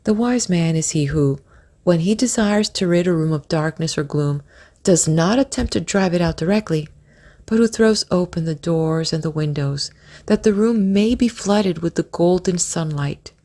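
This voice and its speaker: A woman narrates a book of spiritual wisdom in a slightly low voice. She reads with slow, reverent care, stretching her phrases and softening some lines almost to a whisper. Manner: measured, drawn-out phrasing, dropping to a whisper at times. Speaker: audiobook narrator.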